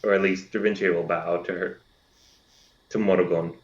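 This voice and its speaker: A man playing in a tabletop game, slowly and hesitantly describing what his character does. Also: low voice, steady tone, echoey room, lo-fi sound. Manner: slow, hesitant, thinking aloud. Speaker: player.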